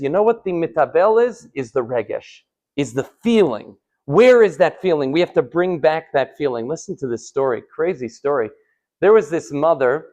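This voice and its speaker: Animated rabbi telling stories. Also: male voice, on the high side. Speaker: rabbi giving a Torah class. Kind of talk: live sermon with storytelling. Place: synagogue hall.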